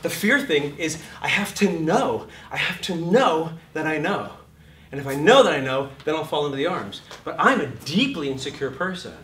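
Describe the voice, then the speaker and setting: A middle-aged man teaching acting in a lecture, swearing freely and acting out scenes with sudden shouts. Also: a little high, expressive, moderate pace, distant mic. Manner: profane, acts out voices and shouts mid-talk. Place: lecture room. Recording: echoey room, heard from off mic.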